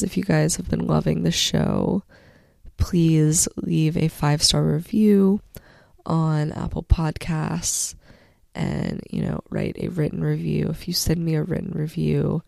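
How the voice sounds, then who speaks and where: A young woman hosting her own podcast while ill, her voice worn down by sickness, talking slowly and gently with lots of fillers. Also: sits low, gravelly, no room sound, studio quality. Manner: slow, gentle, reflective, with many fillers. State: sick, voice worn from illness. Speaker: podcast host. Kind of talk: casual solo podcast talk.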